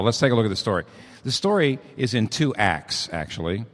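A man's voice: fairly low pitch, sing-song, a little fast. A man preaching a sermon as pastor, with an emphatic, rising and falling preaching cadence. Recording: echoey hall reverb.

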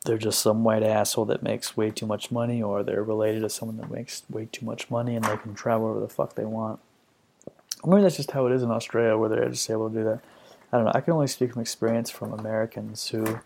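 A man in his thirties hosts a comedy podcast, ranting sarcastically with plenty of swearing. His voice is fairly low with a dark, mellow tone. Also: creaky, a little hiss or hum. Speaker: podcast host.

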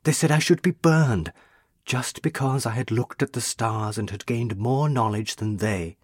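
A man voicing a young female ghost, a burned witch, speaking in a pleading, tender and intense way with a husky voice. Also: medium pitch, measured pace, no echo, clean studio sound.

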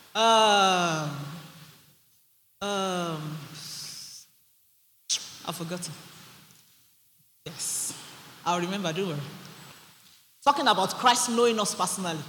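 A woman's voice: mid-range voice, a bit bright. A Nigerian woman pastor preaching a sermon, fervent and emphatic, with frequent hallelujahs. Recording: echoey hall with faint background noise.

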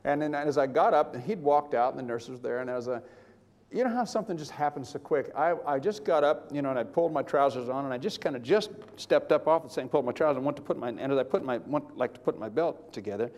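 An older man preaching, telling a personal story with animated, chuckling delivery and acting out the voices of others in his account. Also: medium pitch, quick pace, long reverb tail. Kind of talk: sermon testimony.

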